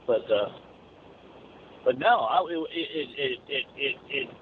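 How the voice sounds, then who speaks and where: A man's voice: medium pitch, slow, slight background noise. A man who drives a truck, calling in and talking casually in a rambling way with many restarts, heard over a phone line. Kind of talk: casual chat.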